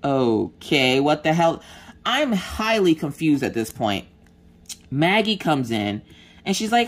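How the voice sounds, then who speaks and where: A woman with a husky voice that sits low and takes things slowly chats while crafting for her vlog. She tells her story with animation, acting out the voices of its characters and swearing mildly.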